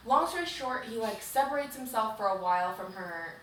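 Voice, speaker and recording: A woman's voice: a little high, lively intonation, fairly quick, a bit bright. Chatty woman in an echoey room. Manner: chatty, rambling storytelling full of "like". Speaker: podcast co-host. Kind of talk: casual chat recapping a book. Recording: very echoey room, distant mic, faint hiss.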